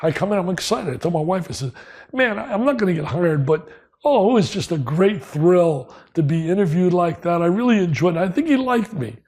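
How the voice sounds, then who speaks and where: An older man from New Jersey, telling stories as a guest in an interview, excitable and emphatic, repeating lines for punch. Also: sits high, a little fast. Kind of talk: storytelling interview.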